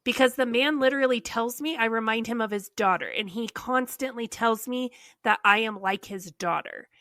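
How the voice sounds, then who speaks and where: A woman from the United States, hosting a podcast and telling a story in a casual, animated, exasperated way with many "like"s. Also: a little high, normal speed, dry recording, studio quality. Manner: animated storytelling, heavy use of "like". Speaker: podcast host. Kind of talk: casual chat.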